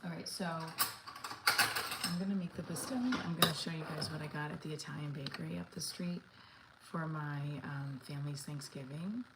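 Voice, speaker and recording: Casual home vlogger, woman in her 30s, lowish voice, noisy phone-mic sound, rambling chatter. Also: steady tone, moderate pace. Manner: chatty, rambling, talks while making coffee. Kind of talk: casual livestream chat. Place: home kitchen.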